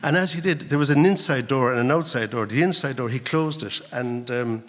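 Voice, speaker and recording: An Irish man, an author and guest lecturer, tells a story to an audience in a lecture hall in an animated way, full of "right?" and "like.". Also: medium pitch, brisk. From Ireland. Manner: animated, acts out dialogue, frequent "right?" and "like" tags. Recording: reverberant hall.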